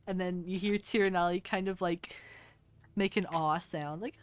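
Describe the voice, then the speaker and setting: A woman's voice: fairly low pitch, fairly even intonation, normal speed, no echo. A woman narrating a tabletop game as game master, in a casual way with many fillers.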